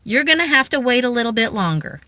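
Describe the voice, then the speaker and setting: A woman's voice: a little high, sing-song, fast, bright, forceful tone, no room sound. A tired woman emergency room nurse, giving blunt, exasperated advice in an after-work vlog. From Pensacola, Florida.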